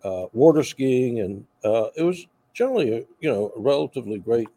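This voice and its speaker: Older man, mellow faint Southern lilt. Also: medium pitch, sing-song, fairly quick. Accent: slight Southern. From Charleston, South Carolina. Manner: warm, wry, self-deprecating humor. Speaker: guest, veteran. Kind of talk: casual interview storytelling.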